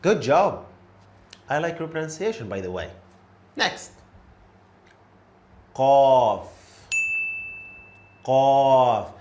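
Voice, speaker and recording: A man teaching a beginner lesson, repeating each letter clearly and encouraging the learner. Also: a little high, big pitch swings, moderate pace, pauses often, a bit bright, a little hiss or hum. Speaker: Arabic teacher.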